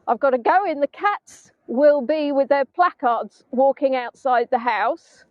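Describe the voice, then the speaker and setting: A middle-aged woman with a high, bright voice, rambling cheerfully to her online viewers. She hosts a live tour outdoors in the dunes. The sound is dull and close, like a phone stream. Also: measured pace, few pauses, no echo. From England. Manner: chatty, self-mocking, breaks into snatches of song. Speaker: virtual tour guide. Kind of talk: casual live-stream chat. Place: outdoors in sand dunes by the sea.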